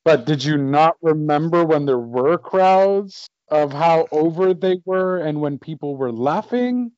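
A man's voice: fairly high pitch, lively intonation, a little slow, darkish tone, no room sound, dull audio. A man co-hosting a casual wrestling podcast, asking incredulous questions. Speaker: podcast co-host.

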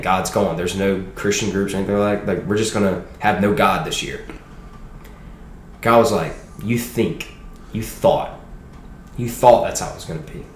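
Young male podcast guest, low voice, roomy echo, lively testimony. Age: young adult. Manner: animated, quick storytelling with acted quotes. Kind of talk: personal testimony storytelling. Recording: roomy room echo with faint noise.

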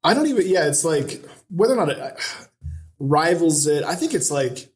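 A man's voice: on the high side, big pitch swings, moderate pace. A man co-hosting a casual podcast chat, enthusiastic and rambling with lots of fillers. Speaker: podcast co-host.

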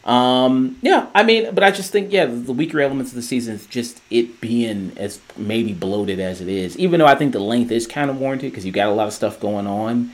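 A man's voice: medium pitch, fairly quick, few pauses. A man co-hosting a podcast, reviewing a TV show in casual chat, rambling with many fillers and restarts. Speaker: podcast co-host.

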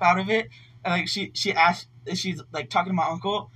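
A man's voice: high-pitched, steady tone, fairly quick, pushed and bright, breathy edge. A young man telling a long story in casual chat, rambling and swearing with constant filler words. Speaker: podcast co-host telling a story. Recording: voice somewhat distant from mic.

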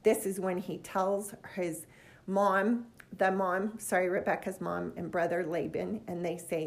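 A woman's voice: lowish voice, level tone, a little slow, gravelly. Middle-aged woman, earnest scripture teacher, casual and heartfelt.

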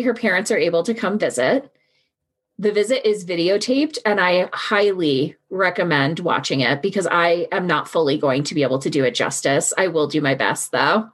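With a lowish, slightly rough voice, a woman narrates a case on her true crime podcast. Her delivery is casual and frank, full of swearing and quoted voices as she speaks her mind.

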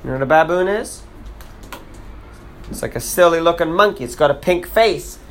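A man's voice: a little high, animated, moderate pace, slight background noise. Teasing man joking around with kids. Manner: teasing, sings snatches, repeats words for emphasis. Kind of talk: playful casual chat.

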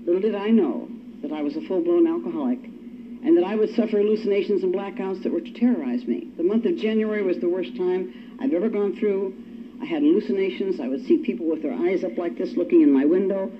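A woman's voice: fairly low pitch, quick pace. An older woman giving a personal testimony at a recovery meeting, telling her story in a wry, self-mocking way. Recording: dull lo-fi recording with faint hiss.

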